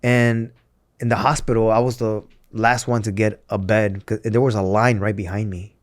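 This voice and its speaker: A man's voice: lowish voice, little pitch movement, moderate pace, dry recording, studio quality. A man in his thirties, a former wrestler and interview guest, telling his story candidly with many fillers, restarts and acted-out quotes.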